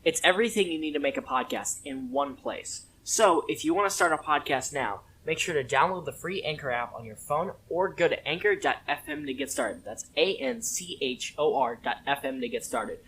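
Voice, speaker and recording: A man's voice: on the high side, expressive, normal speed, few pauses, fairly bright tone, a little hiss or hum, rough recording. A young man co-hosting a casual podcast, answering briefly and hesitantly and reading a sponsor spot. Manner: brief agreeing replies, hesitant. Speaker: podcast co-host.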